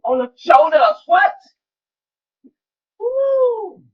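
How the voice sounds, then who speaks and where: A woman preaching in a rousing call-and-response style, shouting exclamations to her listeners. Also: very high voice, sing-song, extremely slow. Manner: exclamatory, shouts "What?" and "Woo". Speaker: spiritual motivational speaker. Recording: lo-fi with faint music.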